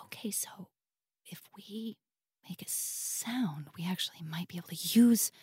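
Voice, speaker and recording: A woman improvising her character in a tabletop game, giggly and playful, often speaking in a hush. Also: lowish voice, normal speed, in a whisper. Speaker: player. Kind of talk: improvised tabletop role-play.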